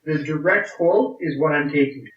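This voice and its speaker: A man's voice: a little high, normal speed, lo-fi sound. A man hosting a casual podcast game, blunt and profane, reading quotes aloud to the players. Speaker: podcast host running a quiz game. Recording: roomy, distant mic, faint noise.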